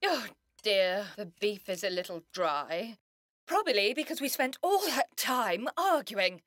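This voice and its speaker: An actress playing a prim, pompous upper-class mother who talks slowly. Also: medium pitch, sing-song, a bit bright, no echo, studio quality. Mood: haughty.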